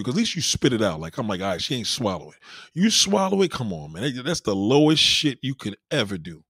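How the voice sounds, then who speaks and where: A man hosting a podcast, telling crude stories in an animated, profane monologue. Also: medium pitch, quick pace, slightly rough, no room sound, clean studio sound. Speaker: podcast host. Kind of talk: casual comedic monologue.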